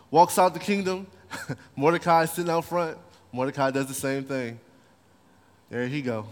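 A pastor with a slightly high voice preaches a sermon at a moderate pace, telling the story playfully and animatedly with slang. The recording has long hall reverb.

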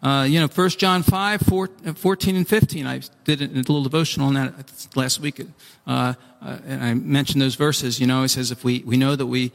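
A man preaching a sermon, animated and acting out pleas, with frequent restarts. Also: medium pitch, moderate pace, vocal fry. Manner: animated, acts out pleading voices, restarts often. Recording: long hall reverb.

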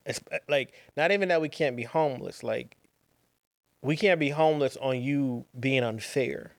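A man's voice: medium pitch, dry recording. Young male host, casual rambling storyteller, mid-range voice, dry recording. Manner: rambling, repeats phrases, slangy asides. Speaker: podcast host.

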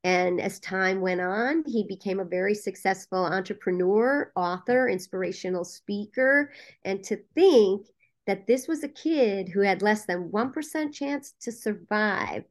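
A woman who works as a casting director and producer appears as a guest in a podcast interview, telling a story in a lively way with frequent "um" fillers. Her voice is medium-pitched and her pace measured.

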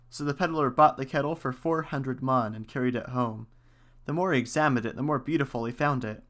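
A man reads an old folktale aloud at an easy, unhurried pace. His voice sits in a middling register, and he gives the characters only light voices. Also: medium pitch, a bit bright. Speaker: storyteller.

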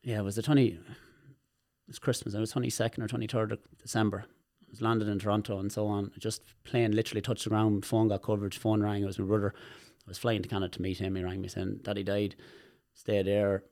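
An Irish man with a low voice tells personal stories on a podcast. He talks in an animated way and swears freely. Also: fast. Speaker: guest, movement specialist. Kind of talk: podcast conversation.

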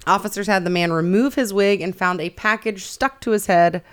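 A young woman co-hosts a relaxed chat, reading headlines aloud. She laughs often and keeps things light and playful. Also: medium pitch, smooth. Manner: giggly, playful, quick to laugh. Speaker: podcast co-host.

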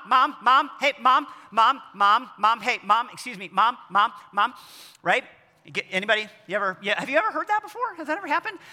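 A man in his forties preaching a sermon as pastor, telling self-deprecating stories with animated delivery. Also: mid-range voice. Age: 40s. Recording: long echo of a large hall.

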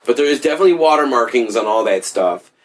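A man's voice: medium pitch, lively intonation, fast talker. Rambling man in casual chat. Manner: rambling, loose, swears casually, many fillers. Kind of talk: casual conversation.

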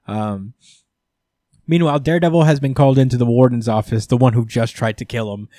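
A man who lives in New York hosts a casual chat, enthusiastically retelling a comic story with laughter and profanity as a podcast host recapping comics. His mid-range, warm voice moves fairly quickly, recorded at studio quality without echo.

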